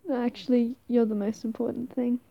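A woman's voice: fairly high pitch, little pitch movement, fairly quick, vocal fry, dry recording, dull audio. A young woman playing an affectionate, playful girlfriend in an audio role-play, giggling, teasing and stumbling over her words.

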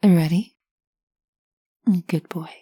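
A woman in a whispered role-play, speaking in a teasing, commanding way with a breathy whisper. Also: on the low side, fairly even intonation, very slow, dark tone, no room sound.

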